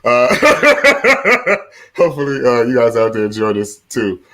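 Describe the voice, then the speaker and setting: Middle-aged male stand-up comic, deep voice, chuckles at his own punchlines, lots of "uh". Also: wildly swooping pitch, a little slow, pushed and bright. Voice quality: deep voice, often compared to Mufasa. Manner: chuckles at his own jokes, many "uh" fillers. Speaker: stand-up comedian. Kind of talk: stand-up comedy set. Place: seated in a room at home.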